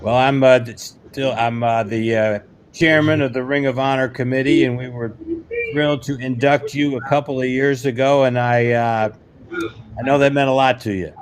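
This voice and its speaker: A man interviewing a former player, speaking in halting starts full of fillers. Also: mid-range voice, fairly even intonation, a little hiss or hum. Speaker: interviewer, committee chairman. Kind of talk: casual interview.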